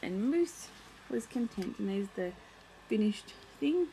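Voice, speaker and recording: A woman's voice: medium pitch, expressive, takes it slowly, warm tone, slight background noise, rough recording. A young woman vlogging at home, chatting casually as she shows and reads from a children's picture book, full of playful asides.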